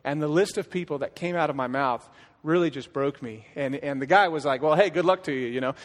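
A man's voice: on the high side, fast talker. Middle-aged worship leader telling his story. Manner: storytelling, acting out dialogue, frequent restarts. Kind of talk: personal testimony from a church stage. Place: church stage. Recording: long church hall reverb.

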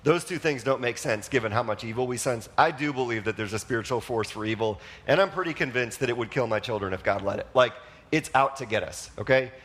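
Brief: male pastor, mid-pitched voice, casual sermon delivery, questions to the congregation. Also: quick pace, fairly bright tone. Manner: conversational, asks the congregation questions; frequent fillers like "like" and "you know".

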